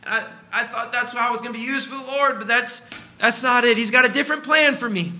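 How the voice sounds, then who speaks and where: Male preacher putting on a high, tender voice of a frail old mother, very bright. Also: fast talker. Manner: tender, pleading. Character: frail elderly mother, gentle and faithful.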